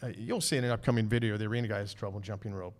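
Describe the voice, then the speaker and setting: A man's voice: on the low side, fairly even intonation, racing. A man hosting a podcast in a casual chat, telling stories with frequent laughs. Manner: chatty storyteller, laughs often. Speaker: podcast host.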